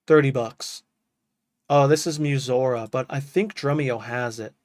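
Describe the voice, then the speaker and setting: A man's voice: mid-range voice, unhurried, no echo. A man casually chatting to his live-stream chat as a music producer, loose and enthusiastic, dropping "dude" and "bro" often.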